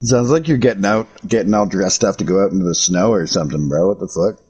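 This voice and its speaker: Husky American streamer, joking and cursing. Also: male voice, sits low, fast talker, darkish tone, dull audio. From United States. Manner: profane joking banter with chat. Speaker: game streamer. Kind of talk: casual livestream chat.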